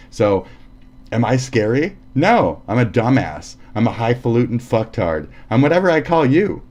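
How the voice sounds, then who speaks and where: A man's voice: medium pitch, big pitch swings, moderate pace, a little mellow. A man ranting casually on a live stream, profane and heated, often laughing and acting out quotes.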